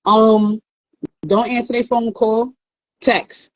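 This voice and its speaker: A woman's voice: a little high, fairly even intonation, slow pace, dry recording, muffled recording. A woman giving earnest, emphatic advice in a casual talk, often repeating words as she goes. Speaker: therapist host.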